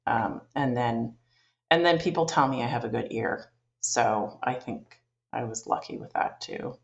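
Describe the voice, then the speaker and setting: Canadian woman guest, chatty storyteller, gravelly voice, slightly muffled. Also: extremely low pitch, a little slow. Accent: Canadian English. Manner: chatty, rambling with many fillers and restarts. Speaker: interview guest. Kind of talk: casual storytelling interview.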